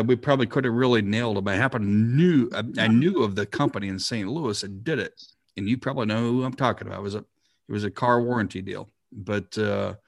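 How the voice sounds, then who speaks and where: A man's voice: lowish voice, dry recording, studio quality. A man hosting a podcast, asking long, rambling questions full of restarts. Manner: rambling, restarts his sentences. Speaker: podcast host. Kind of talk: casual interview questions.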